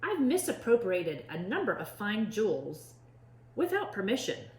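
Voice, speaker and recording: A woman's voice: mid-range voice, wildly swooping pitch, a little slow, echoey room. A woman voicing prim, well-spoken young male sailors who talk in fancy, proper words.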